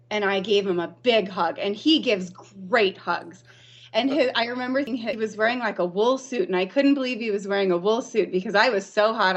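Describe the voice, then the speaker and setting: A woman from Arizona, a teacher, telling stories in a podcast interview, lively and often laughing. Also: medium pitch, highs cut off. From Arizona, USA. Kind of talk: storytelling in an interview.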